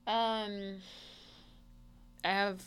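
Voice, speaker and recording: A woman's voice: mid-range voice, level tone, very slow, a bit bright, clean tone, no echo. A woman co-hosting a casual chat show, telling rambling stories in a chatty way. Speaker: podcast co-host.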